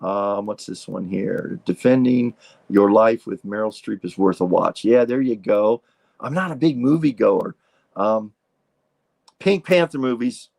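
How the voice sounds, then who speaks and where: Older guy in his 60s rambling through live chat comments, gravelly voice, dry close sound. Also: lowish voice, darkish tone, no room sound. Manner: chatty, rambling, reacts to comments with laughs. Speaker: live stream host. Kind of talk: casual live stream chat reading comments. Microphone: streaming setup mic.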